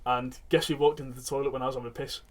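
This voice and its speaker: A man's voice: medium pitch, racing. A man, co-hosting a comedy podcast and telling a long, rambling anecdote. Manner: rambling, animated anecdote with acted quotes. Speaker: podcast co-host. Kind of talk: casual storytelling.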